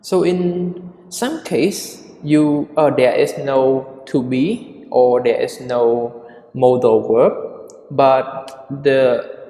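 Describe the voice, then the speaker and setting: A man teaches English grammar in a slow, unhurried way, repeating each key term so students can follow. His voice is mellow and relaxed, with small slips in his own grammar. The recording rings with the echo of a bare room. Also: mid-range voice. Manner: patient, explains step by step and repeats terms; speaks English with non-native grammar slips. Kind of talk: recorded online grammar lesson. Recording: echoey room with long reverb.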